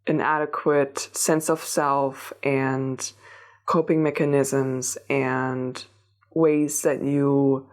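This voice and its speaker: A woman gives an unscripted spiritual tarot reading to camera, addressing her listener directly. Her low voice stays level with little rise and fall, and she draws out words. She meanders through her thoughts with many fillers, frequently restarting phrases.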